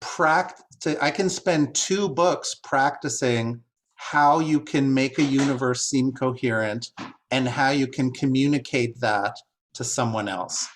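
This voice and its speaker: A man talking through literary ideas in a reflective, halting way. He reaches for words, filling gaps with "like" as he builds his point, in a middle-pitched voice. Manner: musing, hesitant, many "like"s. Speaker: translator and guest speaker. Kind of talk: discussion talk, thoughtful.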